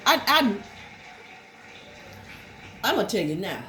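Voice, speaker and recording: A woman's voice: medium pitch, big pitch swings, a little slow. A middle-aged woman vlogger telling an indignant story at home while eating. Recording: noisy room with a show playing behind.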